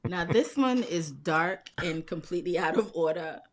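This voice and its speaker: A woman co-hosting a podcast in relaxed, joking chat. She tells dark jokes with a dry, deadpan delivery and lets the punchlines land flat. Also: on the low side, moderate pace. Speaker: podcast co-host. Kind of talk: casual joke-telling chat.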